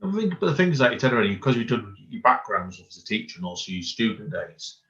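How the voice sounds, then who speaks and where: A man's voice: medium pitch, big pitch swings, quick pace, a bit bright. A man hosting an interview, chatty and encouraging, asking rambling questions. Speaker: host. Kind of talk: casual interview chat. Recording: dull lo-fi audio.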